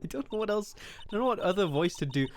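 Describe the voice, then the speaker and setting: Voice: medium pitch, animated, fast, soft background music. A streamer chatting crudely and laughing often while playing a story game live. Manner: crude, giggly, self-mocking. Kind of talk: live gaming commentary.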